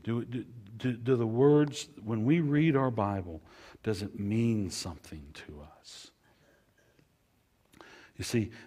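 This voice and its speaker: A man delivers a sermon in a husky, slightly low voice. He leans on repetition, building phrases up loudly and then letting them fall to a near hush. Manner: preacher cadence, repetitive, swings from loud to hushed. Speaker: pastor.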